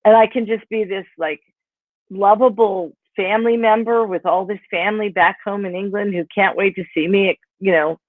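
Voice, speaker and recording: A Pennsylvania author in her sixties tells rambling, casual stories about her life, peppered with "you know" and "like." Her medium-pitched voice is steady at a normal speed, with no echo, over tinny phone-like call audio.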